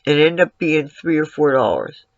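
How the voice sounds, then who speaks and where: A man's voice: on the high side, very animated, normal speed, no echo. A man giving a casual makeup tutorial at home, rambling and breaking off to talk to his cat. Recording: dull lo-fi, dry sound.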